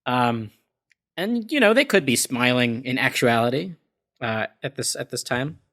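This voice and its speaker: A man's voice: medium pitch, very animated, normal speed, fairly bright tone. A man co-hosting a podcast, recapping a comic in a wry, filler-heavy way. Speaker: podcast co-host.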